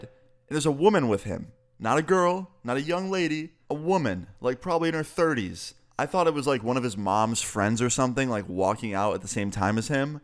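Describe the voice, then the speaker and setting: A man in his twenties tells a story to his vlog audience in a loose, animated way, swearing freely. His voice sits at an ordinary middle pitch. The delivery is casual and conversational. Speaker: vlogger telling a story.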